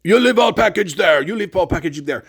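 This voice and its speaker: A man voicing a gruff, impatient male store clerk who talks in curt, slow, broken phrases. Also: high voice. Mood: barking.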